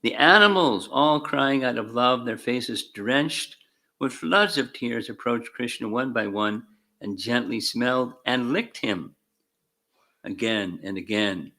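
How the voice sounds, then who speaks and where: A man reading scripture aloud in short deliberate phrases, calling out verse numbers and adding his own commentary with dry asides. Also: medium pitch, lively intonation, pushed and bright. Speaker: spiritual teacher.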